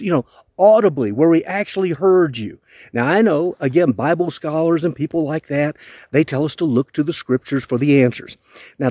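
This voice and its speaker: Earnest man with a fairly high voice. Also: darkish tone, no echo. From United States. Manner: earnest, heartfelt, conversational. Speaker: vlogger. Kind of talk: spoken video letter.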